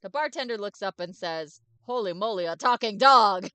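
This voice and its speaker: A woman voicing a cheerful, eager male dog ghost who talks loudly and excitably. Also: medium pitch, normal speed, clean tone, no echo, faint music behind, pitched above the performer's own voice. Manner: loud, bouncy and excitable.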